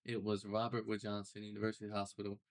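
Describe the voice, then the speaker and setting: Animated low-voiced man telling his story. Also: fast. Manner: animated storyteller, casual slang. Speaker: podcast guest. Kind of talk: storytelling interview.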